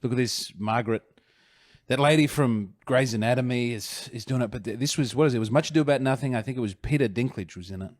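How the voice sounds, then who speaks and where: A man's voice: medium pitch, fast, dry recording, clean studio sound. A man co-hosting a casual comedy podcast, giving wry, opinionated takes in a storytelling way. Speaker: podcast co-host.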